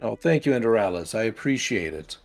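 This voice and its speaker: A man's voice: on the low side, fairly quick, gravelly, soft background music. Chatty male streamer talking about voices. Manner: chatty, animated, laughs easily. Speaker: storyteller and streamer. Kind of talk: casual stream chat.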